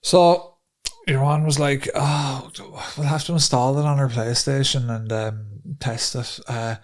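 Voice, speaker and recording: A man's voice: medium pitch, steady tone, unhurried. An Irish man co-hosting a podcast, telling a profane, ranting story in casual chat. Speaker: podcast co-host.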